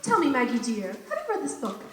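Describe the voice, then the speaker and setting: A high school girl acts out a glamorous stage actress who gushes and purrs catty remarks, her pitch swooping in an affected, theatrical way. The high voice carries from far off across an echoey school auditorium, with a long hall reverb. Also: huge pitch swings, brisk, background noise. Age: teens. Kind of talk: stage play acting. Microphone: far audience camera.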